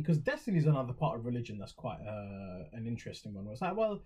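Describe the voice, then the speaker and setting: A man's voice: mid-range voice, sing-song, fast talker, darkish tone, breathy edge. A young English man talking in a reflective, rambling way on a casual podcast, with many fillers and restarts. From England. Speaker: podcast co-host.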